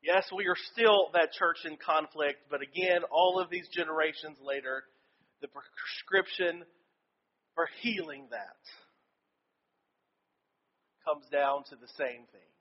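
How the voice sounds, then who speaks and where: A man's voice: a little high, muffled recording. A male pastor giving a sermon and telling a personal story in an earnest way.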